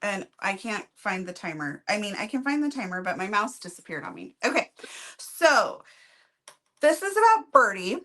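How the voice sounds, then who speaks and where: A woman's voice: mid-range voice, big pitch swings, moderate pace, bright, forceful tone. A woman co-hosting a book review channel, chatting casually and upbeat while summarizing a book.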